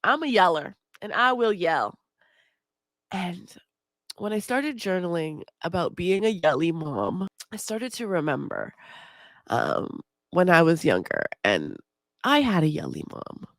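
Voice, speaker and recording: A woman's voice: lowish voice, very animated, measured pace, no echo. A woman hosting her own podcast, a mother talking frankly and confessionally in a casual monologue and swearing freely. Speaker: podcast host.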